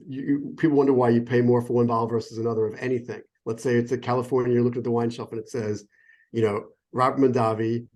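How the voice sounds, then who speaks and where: A middle-aged American sommelier talks over a phone or remote call, explaining things casually and enthusiastically while wandering off topic and interrupting himself. His voice is medium in pitch, with a darkish tone.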